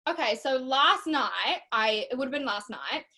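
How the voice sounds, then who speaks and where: A young woman chatting as a guest on a talk show. Her voice sits a little high, and she tells her stories with lively, expressive energy. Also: moderate pace. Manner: animated, expressive storytelling with laughs. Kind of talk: casual chat.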